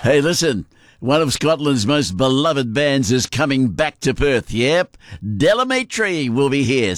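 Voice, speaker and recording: A man on radio, chatting easily and cracking jokes between songs. His voice sits at an ordinary pitch and sounds dry and close, with no room around it. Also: no room sound. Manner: joke-telling, chatty, with small laughs. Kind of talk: casual radio chat and live reads. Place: radio studio. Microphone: close studio mic.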